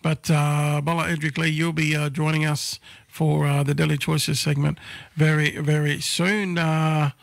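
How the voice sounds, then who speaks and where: A man hosting a breakfast radio show with a hoarse, croaky voice, chatting casually and rambling with many fillers. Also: on the high side, little pitch movement, measured pace, dry recording.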